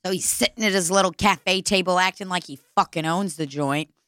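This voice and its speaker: A young woman telling a story in casual chat, animated and laughing, swearing freely. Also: lowish voice, a little fast, no room sound.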